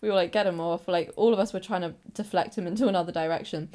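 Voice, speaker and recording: A woman's voice: lowish voice, racing, dark tone. A young woman hosting a casual podcast with her sister, telling stories and acting out quotes. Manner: chatty storyteller, acts out quotes, laughs often. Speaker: podcast host.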